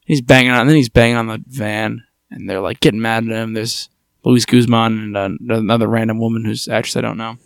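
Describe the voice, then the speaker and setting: A man's voice: lowish voice, steady tone, brisk, creaky, clean tone, dry recording, clean studio sound. A man co-hosting a podcast, recapping a TV show with joking, sarcastic asides and acted-out lines. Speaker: podcast co-host. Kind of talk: casual chat recapping TV.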